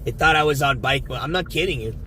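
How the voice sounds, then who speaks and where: A man chats with his live-stream audience while driving, profane and rambling as he addresses his chat from the car. He talks fast in a mid-range voice that's bright and forceful. A little hiss or hum sits under the audio.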